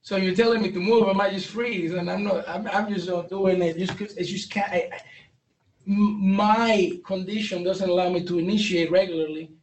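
Man, high-pitched, candid trainer who jokes and restarts often; distant mic, roomy hall, faint noise. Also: fairly even intonation, moderate pace. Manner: candid, jokey, many restarts and stumbles. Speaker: speaker training police on brain injury. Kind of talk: training talk to a live audience.

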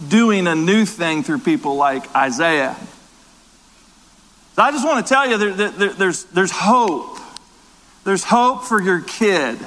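A man's voice: high voice, fairly bright tone, big-room sound. A man preaching a sermon as pastor, emphatic and repetitive, in a large church.

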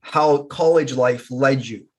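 A male interview host with a husky, slightly breathy voice. He speaks in an effusive, affirming way and muses at length before posing a question. His pitch is ordinary for a man. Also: slow pace, darkish tone. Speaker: podcast host. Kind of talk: interview hosting.

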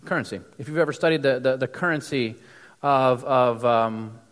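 A man's voice: medium pitch, moderate pace, a bit bright, big-room sound. A man from the United States giving a casual, conversational sermon with many fillers and restarts. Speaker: preacher.

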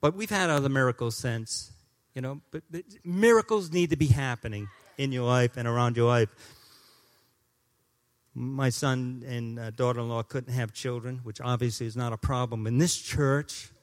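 A man in his fifties preaching a sermon in a church as a guest pastor, joking and swinging between loud declarations and hushed asides. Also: medium pitch, moderate pace. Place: church sanctuary.

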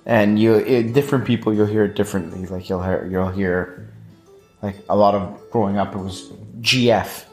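A man's voice: lowish voice, fairly even intonation, moderate pace, darkish tone, faint music behind. A man chatting casually as a podcast guest, laid-back, repeating himself as he explains. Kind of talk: casual chat. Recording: roomy echo.

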